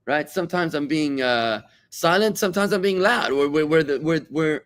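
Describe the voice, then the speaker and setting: A man's voice: fairly high pitch, lively intonation, normal speed, fairly bright tone. A middle-aged rabbi from South Africa teaches in a loose, talkative way. He stumbles over repeated words as he goes and slips into put-on voices for the people he quotes. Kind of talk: conversational Torah class.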